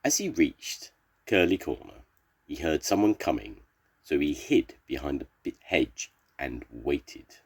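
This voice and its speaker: Older man reading a kids' story, deep husky voice, lively pitch. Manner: slow, expressive storybook reading. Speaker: storyteller grandfather. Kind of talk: reading a children's story aloud.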